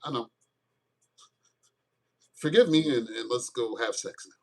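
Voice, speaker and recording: A man's voice: medium pitch, lively intonation, unhurried, pitched below the performer's own voice. A man voicing a remorseful lover who admits fault and coaxes forgiveness, in a sheepish way.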